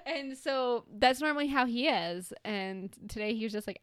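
A woman's voice: on the high side, normal speed, few pauses, fairly bright tone, smooth, no room sound, studio quality. A woman co-hosting a comedy podcast who chats casually, rambles and laughs often. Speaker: podcast co-host.

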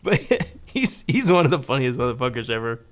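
A young man co-hosting a podcast, telling stories in casual banter, profane and animated, laughing often. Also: medium pitch, moderate pace. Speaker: podcast co-host.

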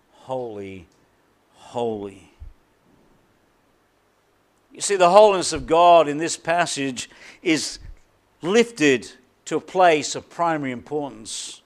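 The pastor's male voice sits a little high as he gives an emphatic sermon. Repetition is intentional, and he sinks dramatically into quiet tones now and then.

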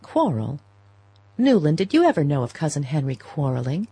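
Brief: woman reading a genteel older mother, low husky voice, coaxing and fretful, dry audiobook sound. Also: very animated, moderate pace, dry recording, exaggerated voice, rough recording. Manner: mild, coaxing, quietly insistent. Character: proper older society mother, fretful and gentle.

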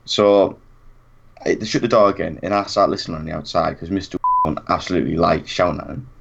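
Young man, low voice, lively storyteller who acts out the quotes; dull lo-fi recording. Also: quick pace, gravelly, a little hiss or hum. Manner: animated anecdote, acts out quotes, laughs often. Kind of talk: casual chat.

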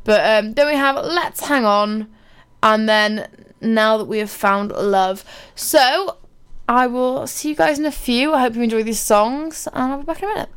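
A woman's voice: on the high side, normal speed, smooth. A woman presenting a local radio show, chatting casually between songs, giggly and rambling with many fillers.

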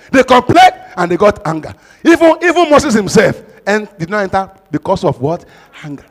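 A man with a Nigerian accent, a pastor who preaches with stories and then leads loud, fast prayer. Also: high voice, expressive, long reverb tail. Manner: tells a story, then prays loudly and fast in bursts. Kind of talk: sermon with storytelling and loud prayer.

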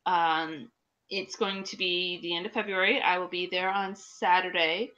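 A woman's voice: lowish voice, steady tone, unhurried, bright, forceful tone, highs cut off. Chatty woman co-host with a cold. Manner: chatty, tells stories with playful voices. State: fighting a cold. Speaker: podcast co-host. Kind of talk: casual chat.

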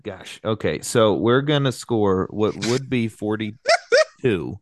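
Deep-voiced excitable fan. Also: male voice, no echo. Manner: excitable fan, quick to bluster about his team. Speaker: podcast co-host. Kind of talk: casual sports chat.

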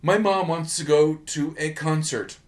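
A man's voice: on the high side, fairly even intonation, unhurried. A man co-hosting a podcast, ranting sarcastically in casual talk, getting worked up and swearing. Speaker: podcast co-host. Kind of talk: casual comedic rant.

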